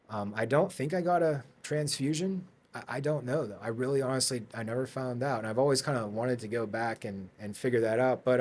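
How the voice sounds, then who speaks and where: Rambling man telling a story. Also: medium pitch. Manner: rambling, many fillers and restarts. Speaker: podcast guest. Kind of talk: casual storytelling. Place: podcast studio.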